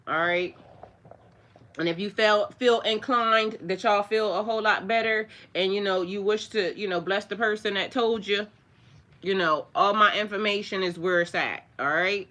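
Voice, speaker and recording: A woman with a medium-pitched, slightly bright voice hosts a spiritual livestream. She rambles casually and chattily with lots of fillers, addressing her viewers directly while scornfully mocking the trolls.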